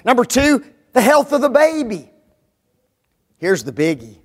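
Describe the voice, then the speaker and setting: A man with a strikingly high voice delivers a sermon to his congregation. He presses each point hard and keeps asking pointed rhetorical questions. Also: sing-song, measured pace.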